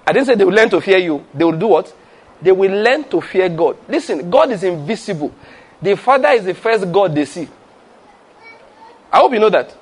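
A man preaches with a voice pitched somewhat above most men's. He drives his points home through rhetorical questions and call-and-response, and he laughs freely along the way. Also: lively intonation, moderate pace, husky. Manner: breaks into laughter while preaching. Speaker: pastor. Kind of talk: sermon.

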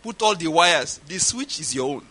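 A man's voice: on the high side, lively intonation, normal speed, bright, forceful tone, husky. A middle-aged man with a Nigerian accent preaching a sermon, stressing his points and repeating them for emphasis. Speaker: pastor.

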